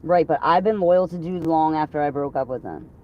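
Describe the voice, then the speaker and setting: A woman's voice: deep voice, brisk, dull audio. A woman with a Philadelphia accent, hosting a blunt, profane livestream chat from a parked vehicle. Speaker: livestream host.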